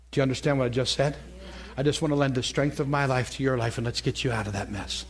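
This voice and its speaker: A man's voice: mid-range voice, steady tone, quick pace, hardly any pauses, breathy edge. A man preaching a sermon at a church school, telling a story in an earnest, conversational way that climbs into fervent peaks. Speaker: pastor teaching a ministry school. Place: church hall before an audience.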